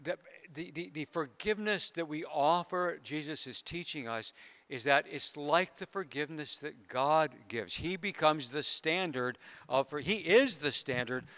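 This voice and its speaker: A man's voice: a little high, unhurried, fairly bright tone. A man preaching a sermon as a pastor, retelling a parable earnestly with conversational asides to his listeners.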